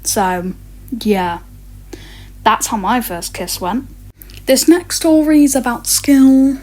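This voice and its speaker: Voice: medium pitch, fairly even intonation, slow, darkish tone, soft background music. A teenager telling stories in a rambling rant, swearing often and stumbling over many fillers and restarts. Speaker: vlogger. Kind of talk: ranting storytime.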